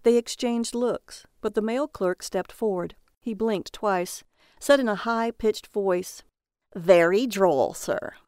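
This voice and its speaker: A woman giving scripted narration of a noir story in a measured storytelling manner. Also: a little high, darkish tone, clear, resonant tone, no room sound, clean studio sound.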